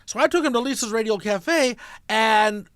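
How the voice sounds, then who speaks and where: High-voiced man telling chatty anecdotes. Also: normal speed, fairly bright tone, smooth, no echo, studio quality. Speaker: interview host. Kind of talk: casual interview chat.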